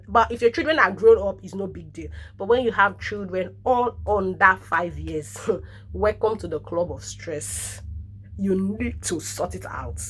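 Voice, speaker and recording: A Nigerian woman in her thirties, a nurse, telling animated stories in a casual vlog, laughing often and dropping in pidgin interjections. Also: mid-range voice, husky. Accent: Nigerian English.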